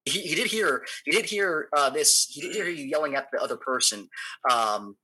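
A man's voice: on the high side, expressive, moderate pace, sharp tone, breathy edge, rough recording. A man running a tabletop game as game master, narrating the action loosely with many fillers and restarts. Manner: rambling, filler-heavy narration.

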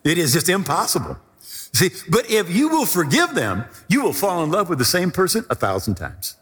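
A middle-aged male pastor preaching a sermon, telling a personal story with animated emphasis. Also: high-pitched, moderate pace, breathy edge, in a large hall.

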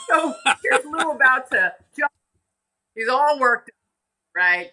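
An older American woman, a podcast guest, telling stories in a casual, animated way, laughing often and acting out the voices of the people in them. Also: high voice, slow, pauses often, low-quality recording. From United States. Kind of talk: casual storytelling interview.

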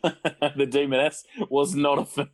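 A man's voice: fairly high pitch, level tone, moderate pace, dry recording, studio quality. A man co-hosting a podcast, bantering in a wry, sarcastic way and laughing often. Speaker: podcast co-host. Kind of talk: casual banter.

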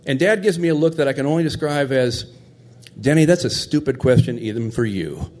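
A man's voice: mid-range voice, fairly quick, darkish tone. A middle-aged man telling a heartfelt personal story in a conversational, tender way.

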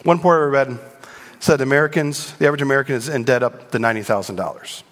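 A middle-aged male pastor preaching to his congregation, animated and joking with the crowd. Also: mid-range voice, quick pace. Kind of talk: sermon. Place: church sanctuary. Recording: long reverb in a large hall.

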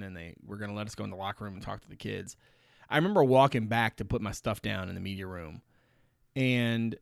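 Brief: male sports podcast host, middle pitch, reflective casual chat, dry close sound. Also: creaky, dry recording.

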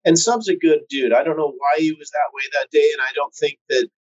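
A man's voice: a little high, fairly quick, muffled recording. Laid-back profane man telling stories. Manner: acts out quoted voices. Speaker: cannabis breeder guest. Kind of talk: casual storytelling chat.

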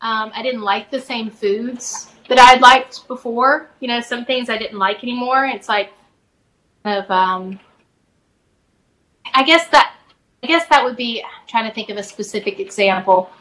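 A middle-aged woman, a spiritual advisor guest, softly and reflectively telling a personal story in a podcast interview, with many fillers and restarts. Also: fairly high pitch, normal speed, poor audio.

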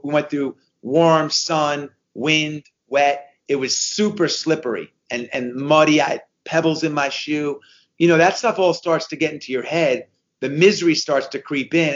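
A man of fifty-one, a guest telling a race story in casual conversation, animated and repeating himself as he goes. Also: a little high, highs cut off. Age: 50s. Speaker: guest, endurance racer.

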